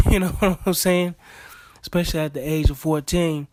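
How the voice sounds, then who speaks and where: Man, rambling casual commentary, higher voice, dry close sound. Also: steady tone, normal speed, a little mellow, no echo. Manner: loose, rambling, with laughs and many fillers. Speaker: vlogger.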